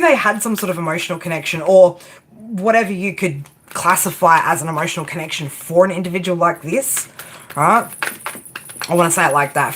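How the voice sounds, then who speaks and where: A woman who gives a casual tarot reading, bluntly and with lots of swearing, who keeps checking in with "right?" and. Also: medium pitch. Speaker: tarot reader. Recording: noisy room with clicks and jangling.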